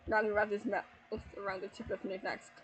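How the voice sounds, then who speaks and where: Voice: mid-range voice, level tone, fairly quick, poor audio. A YouTuber reading a fanfiction aloud at home at night, breaking off into exasperated, heavily sworn commentary and laughter. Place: at home at night with family asleep.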